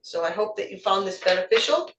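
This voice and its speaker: A woman's voice: medium pitch, lively intonation, fast talker, far from the mic, lo-fi sound, noisy background. A woman giving encouraging feedback on impromptu speeches at a club meeting, often repeating words as she finds her phrasing. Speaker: table topics evaluator. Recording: echoey room, voice from away from the mic.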